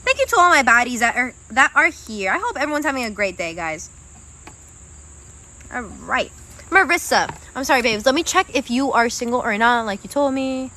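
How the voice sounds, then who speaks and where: A woman's voice: fairly high pitch, animated, normal speed, bright, forceful tone, a little hiss or hum. A young woman giving live-stream tarot readings, chatty and casual, swearing freely and calling her viewers guys and babe. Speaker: tarot reader.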